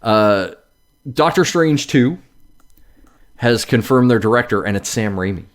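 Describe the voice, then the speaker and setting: Casting: male podcast host, lively pitch swings, casual, swears freely. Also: measured pace. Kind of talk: casual chat.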